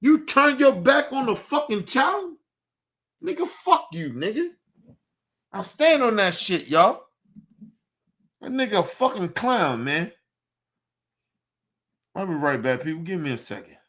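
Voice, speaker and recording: High, bright-voiced man ranting heatedly. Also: big pitch swings, measured pace, long pauses. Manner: heated, profane, repetitive ranting. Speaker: livestreamer. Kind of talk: livestream rant.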